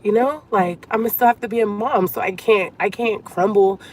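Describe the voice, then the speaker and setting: A woman's voice: medium pitch, fairly quick, a little mellow. A hurt woman vents to her viewers in a storytime vlog, calling them girl and sis as she talks. She sounds upset and close to tears, and faint traffic hums behind her. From Cuban family. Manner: venting, talks to viewers as girlfriends. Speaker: vlogger.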